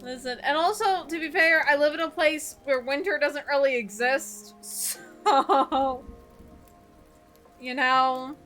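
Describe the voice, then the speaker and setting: A woman's voice: sits high, steady tone, slow pace, bright, forceful tone, faint music behind. A woman from Georgia in the US, streaming while doing nail art and chatting casually, rambling and giggling, with the odd swear.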